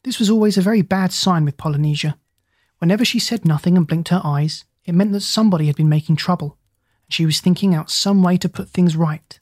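Breathy, gentle storybook reader. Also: medium pitch, brisk, dry recording, clean studio sound. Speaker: audiobook reader. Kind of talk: storybook narration.

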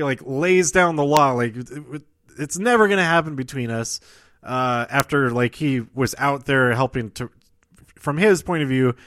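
A man casually recapping a TV episode, rambling and halting with many fillers, restarts and chuckling asides. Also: mid-range voice, fairly bright tone. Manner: self-deprecating and chuckling asides.

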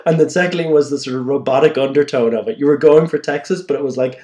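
A man's voice: mid-range voice, fast, darkish tone, echoey room. A man, a podcast producer and co-host, talking in casual chat, enthusiastic and easily flustered.

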